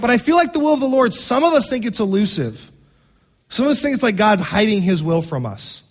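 A man preaching a sermon as pastor, asking the congregation questions and swinging between loud exclamations and hushed lines. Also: high voice.

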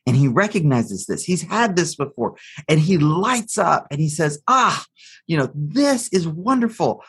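Here a man with a breathy, higher-than-average voice answers interview questions as an expert guest. He walks through a psychology story one step at a time, voicing the quotes of its characters.

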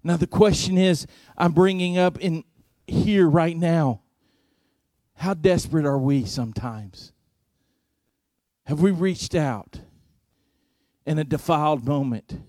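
A man preaching a sermon, telling a story slowly and deliberately, his volume rising and falling for effect. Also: fairly high pitch, warm tone, no echo, clean studio sound. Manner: slow, deliberate preaching with dramatic swings in volume.

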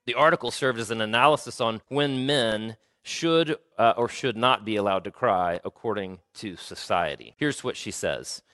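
A man's voice: lowish voice, moderate pace, few pauses, sharp tone, dry recording. A man giving a sermon as pastor, talking casually and reading scripture aloud with emphasis.

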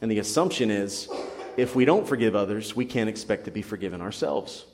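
A man's voice: fairly low pitch, animated, a little fast, darkish tone, long reverb tail, slight background noise. A young adult man preaching a sermon in a church, earnest and building to emphatic passion. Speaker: pastor. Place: church sanctuary.

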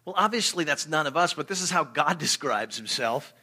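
A pastor delivering a sermon in a bright, forceful voice that sits a little high for a man. He speaks earnestly and with emphasis, doubling up words as he drives his points home. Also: expressive, fairly quick.

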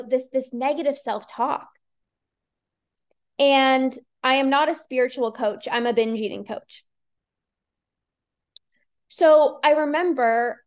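A woman hosting a solo podcast as a binge eating coach, talking earnestly in a casual way with many fillers. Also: high voice.

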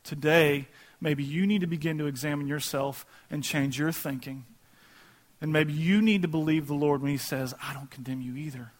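A pastor preaching a sermon in a casual, conversational way, acting out quoted voices. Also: male voice, fairly high pitch, normal speed.

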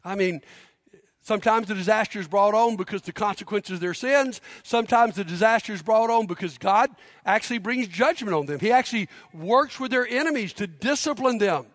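A man's voice: sits high, brisk, fairly bright tone. A man preaching a sermon as pastor, emphatic, leading the congregation in call-and-response. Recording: long hall reverb.

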